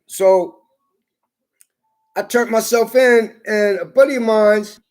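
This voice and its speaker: A man delivering a heated, profane ranting monologue, his voice rising into shouts. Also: high voice, slow.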